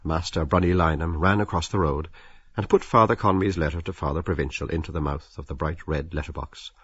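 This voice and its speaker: Deep husky male audiobook narrator. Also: fairly quick, no echo, muffled recording. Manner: expressive, slips into characters' inner voices.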